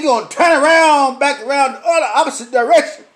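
A high-pitched man, a little drunk and sweating, rants in a comedic style and swears at almost every word. He keeps mimicking the people who pester him with questions, with a lot of energy. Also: a little fast, hardly any pauses, a bit bright. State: tipsy, sweating. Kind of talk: profane comedic rant. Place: lively night venue with drinks.

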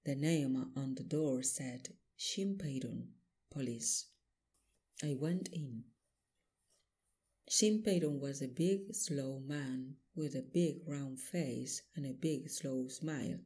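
Male audiobook narrator, slow and husky, mellow tone. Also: medium pitch. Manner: measured, plain reading of a simplified novel. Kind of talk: first-person story narration.

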